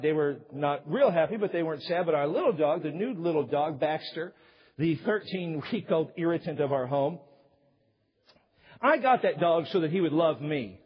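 A man's voice: high-pitched, breathy edge. A middle-aged man preaching a sermon to a church congregation, telling a funny story with self-mocking humor and then building to emphatic points. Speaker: pastor. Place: church sanctuary. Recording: hall reverb, dull lo-fi sound.

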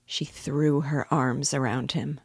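A woman reading a classic novel aloud in a measured, calm manner as host. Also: sits low, gravelly, slightly rough, dry recording, studio quality. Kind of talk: audiobook reading.

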